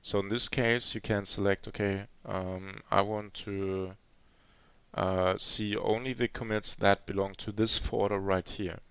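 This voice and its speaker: Creaky low-voiced man demoing code. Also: fairly even intonation, unhurried, fairly bright tone, no room sound. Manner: hesitant, many fillers and restarts. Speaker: conference speaker. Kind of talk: live coding demo talk. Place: conference hall.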